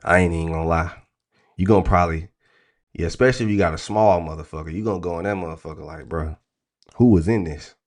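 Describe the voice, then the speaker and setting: A man hosting a livestream, talking in a blunt, crude, animated rant full of profanity. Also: deep voice, very fast. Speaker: trading stream host.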